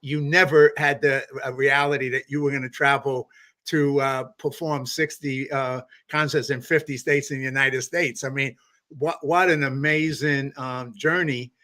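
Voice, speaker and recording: A man's voice: medium pitch, fairly even intonation, normal speed, bright, forceful tone. A man hosting an interview, encouraging his guests and rambling with many fillers and restarts. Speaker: podcast host. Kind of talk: interview conversation.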